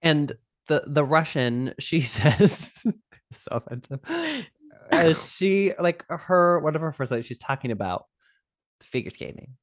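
A woman's voice: low voice, measured pace, no room sound, studio quality. A woman co-hosting a podcast, chatting casually about a movie, laughing and acting out lines from it. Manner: animated, laughing, acts out quotes from the film. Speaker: podcast co-host. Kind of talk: casual chat reviewing a movie.

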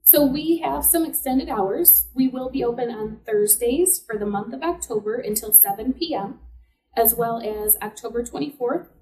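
A woman's voice: fairly high pitch, normal speed, warm tone, echoey room, far from the mic, poor audio. A woman working as a city clerk, explaining election procedures step by step in an interview. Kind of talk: informational interview answers.

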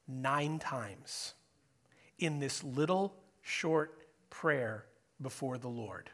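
A man preaching an informal, chatty sermon to his congregation as their pastor, joking and animated. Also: on the high side, slow. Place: church sanctuary.

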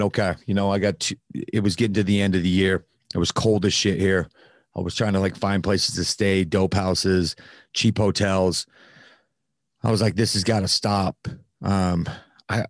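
Deep-voiced man telling a candid story. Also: no echo, clean studio sound. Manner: candid, with frequent fillers and some swearing. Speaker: podcast host, guest telling his recovery story. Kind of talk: casual conversational storytelling.

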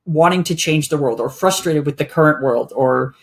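A podcast guest who talks reflectively in a casual conversation and often pauses to find words. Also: mid-range voice.

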